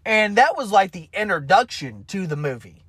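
A man's voice: high-pitched, very animated, normal speed, a bit bright, breathy edge, no room sound, clean studio sound. A young man casually retelling a movie he loves, rambling with many fillers and restarts and swearing freely. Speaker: movie fan retelling a film.

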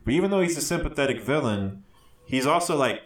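A man's voice: mid-range voice, expressive, fast. A man co-hosting a casual podcast, rambling and swearing freely as he jumps between thoughts. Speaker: podcast co-host. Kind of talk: casual chat.

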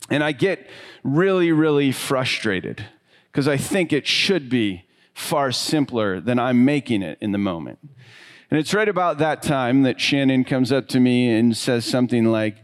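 Midlife guy giving a sermon, chatty and self-deprecating, voice goes soft and low at the end of thoughts, regular mid pitch. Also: expressive. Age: middle-aged. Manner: conversational, self-deprecating storytelling with soft, trailing pauses. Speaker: pastor.

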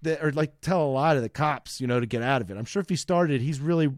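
A man in his thirties co-hosts a casual podcast chat, telling long, rambling stories and laughing often. His voice is a little high and quick, recorded in clean studio sound with no room echo.

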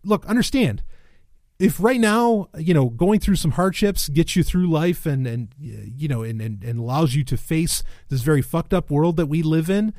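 A man's voice: a little high, expressive, moderate pace, darkish tone, no echo, clean studio sound. A man giving a casual, sardonic commentary monologue, rambling with restarts and swearing, then flaring into exasperated rants. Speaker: commentator reacting to a blog post.

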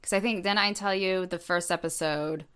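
A woman's voice: lowish voice, steady tone, normal speed, a bit bright, smooth. A woman co-hosting a podcast, telling a story in casual chat with many fillers. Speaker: podcast co-host.

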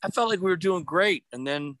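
A man's voice: high voice, lively intonation, fairly bright tone, dry recording, rough recording. A man co-hosting a podcast in casual, playful chat, often restarting his sentences. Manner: playful, teasing, halting restarts. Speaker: podcast co-host.

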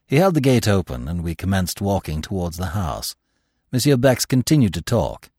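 A man narrating a classic mystery as an audiobook, expressive and voicing each character. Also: sits low, moderate pace, slightly rough, no room sound, studio quality.

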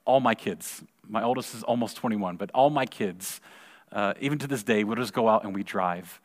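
A man in his forties giving a sermon, telling a personal story in a conversational way and repeating words when excited. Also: on the low side, normal speed. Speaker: pastor. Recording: long reverb of a large hall.

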